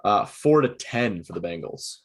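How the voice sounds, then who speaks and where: A man's voice: fairly low pitch, expressive, moderate pace. A young man co-hosting a casual podcast over a video call, steadily working through a list with "um" and "uh". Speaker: podcast co-host. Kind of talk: casual chat.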